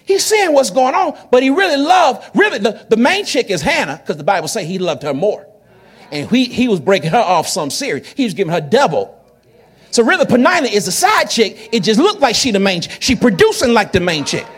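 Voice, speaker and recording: A high-pitched male pastor preaches with a wide, swooping delivery. He jokes with the congregation and breaks into shouts at the climaxes. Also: fairly quick, husky. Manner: animated, joking, shouting at peaks. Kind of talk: sermon.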